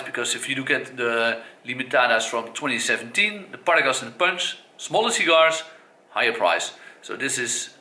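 A man from the Netherlands with a Dutch accent offers a casual spoken cigar review in a mid-range voice that's bright and forceful. He stumbles along hesitantly, with many fillers and corrections of himself, and the recording echoes.

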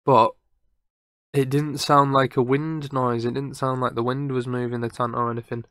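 Young guy rambling through a story, keeps correcting himself, bright clear voice. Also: medium pitch, little pitch movement, normal speed, dry recording, clean studio sound. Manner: rambling, self-correcting, chatty. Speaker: podcast host. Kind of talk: casual storytelling.

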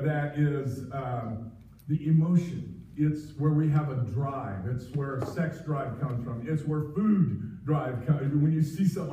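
Pastor, male, earnest sermon voice, mellow tone, miked from afar in a muffled live stream. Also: fairly high pitch, a little hiss or hum. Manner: earnest, pleading, frequent restarts. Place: church sanctuary. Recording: distant, echoey, muffled livestream audio.

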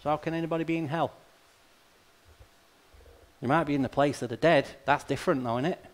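Delivering a sermon, this Australian man keeps things plain and chatty, tossing out rhetorical questions and dry asides to his congregation. He speaks fairly quickly in a higher voice with fairly even intonation, and a slight hiss or hum is audible.

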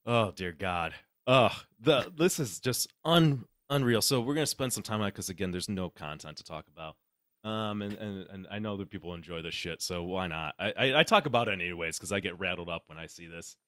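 A man's voice: deep voice, a little fast, no echo, clean studio sound. A man hosting a podcast, ranting sarcastically and swearing in casual chat. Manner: sarcastic, animated ranting with lots of profanity. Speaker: podcast host.

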